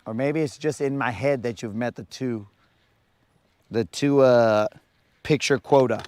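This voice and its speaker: A man's voice: mid-range voice, unhurried, a little mellow, no room sound. A man hosting a fishing livestream, chatting casually and teasing viewers in a playful, slangy way while he fishes outdoors on a lake. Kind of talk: casual live-stream chat.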